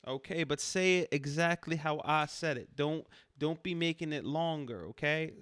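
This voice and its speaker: A man's voice: fairly high pitch, normal speed, a bit bright, smooth, no room sound, studio quality, pitched above the performer's own voice, close to an everyday voice. A man voicing a streetwise adult male panhandler who talks in bossy street slang, coaching a newcomer.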